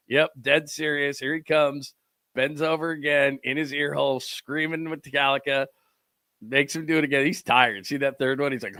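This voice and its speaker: Bright-voiced man hosting sports talk. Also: medium pitch, moderate pace, dry recording. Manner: rambling, fumbling with clips, mimics players and coaches. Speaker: sports show host. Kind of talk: casual live-stream commentary over video clips.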